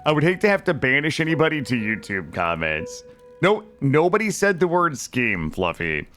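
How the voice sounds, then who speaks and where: Animated joking streamer man. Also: medium pitch, moderate pace, soft background music. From Vermont, USA. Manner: joking, chatty, swears freely, talks to chat. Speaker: gaming streamer. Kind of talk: casual live-stream chat while playing.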